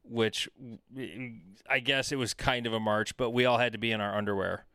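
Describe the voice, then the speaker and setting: A man hosting a podcast, chatting in a relaxed way and telling his own college story. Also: medium pitch, normal speed, clean tone, no room sound, studio quality. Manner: relaxed, chatty, laughs along. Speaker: podcast host. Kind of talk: casual conversation.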